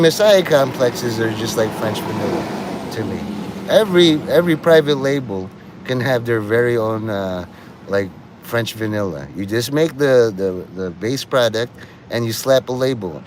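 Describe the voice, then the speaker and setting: A man's voice: fairly low pitch, animated, normal speed, slight background noise. A man hosting a livestream, rambling and profane, often laughing at his own jokes. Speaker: livestream host.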